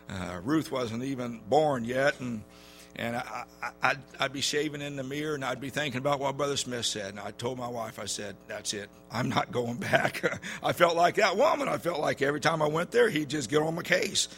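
Bright-voiced folksy preacher. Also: male voice, mid-range voice. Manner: folksy storytelling, halting with many fillers. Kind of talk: sermon. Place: church.

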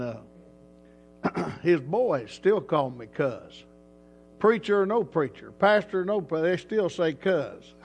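A man's voice: a little high, vocal fry. Folksy, rambling pastor, a man. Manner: folksy and rambling, chuckles often. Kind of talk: casual storytelling talk.

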